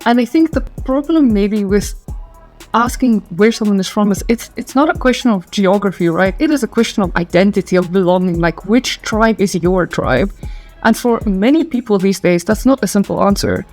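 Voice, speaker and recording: A South African woman telling stories to camera in a chatty, animated way, laughing easily. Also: mid-range voice, normal speed, faint music behind. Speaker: storyteller and channel host. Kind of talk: casual storytelling to camera.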